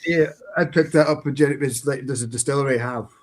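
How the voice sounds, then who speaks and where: A man's voice: medium pitch, fast talker. Easygoing man hosting a chat. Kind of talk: casual podcast chat.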